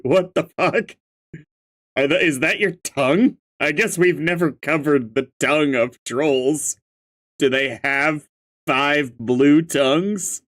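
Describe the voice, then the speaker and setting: A streamer reading a webcomic live, laughing often and shouting reactions at the characters. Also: mid-range voice, takes it slowly.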